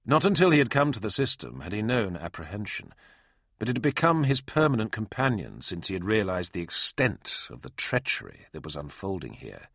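Gravelly, animated male audiobook narrator. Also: fairly low pitch, fairly quick, no echo, studio quality. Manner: dramatic, expressive storytelling. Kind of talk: scripted narration.

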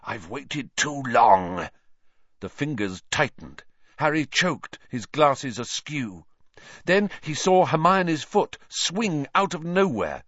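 A man narrating an audiobook with a dramatic, lively reading. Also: a little high, slow pace, no echo, muffled recording.

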